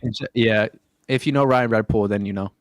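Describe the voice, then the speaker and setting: A young adult man hosts a podcast, rambling casually in a chat full of swearing and fillers. His voice is fairly low and moderately paced, with clean studio quality and no room sound.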